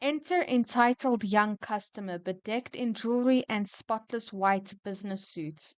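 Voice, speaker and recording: A woman VTuber reading retail stories aloud and breaking into loud, indignant rants between them. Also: mid-range voice, a little slow, smooth, no room sound. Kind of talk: story reading with ranting reactions.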